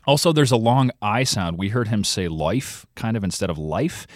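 A man's voice: lowish voice, lively intonation, a little fast, dry recording, clean studio sound. A man reporting for a podcast, explaining and demonstrating speech sounds as a guest on a radio interview.

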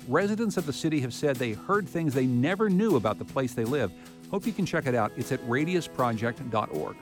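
Male public radio host, mid-pitched, smooth scripted reads, faint music underneath. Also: lively intonation, fairly quick. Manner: polished, scripted delivery.

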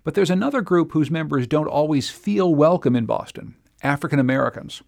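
A man's voice: fairly high pitch, expressive, brisk, gravelly, darkish tone. A man reading scripted radio segment links as host.

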